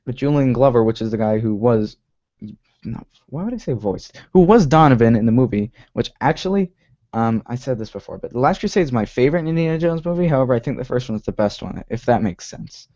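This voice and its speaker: Hosting a live web show, this young man chats in an animated, brisk, medium-pitched voice with a warm tone. He rambles casually, restarting often, leaning on "like" and correcting himself, all over dull lo-fi home stream audio.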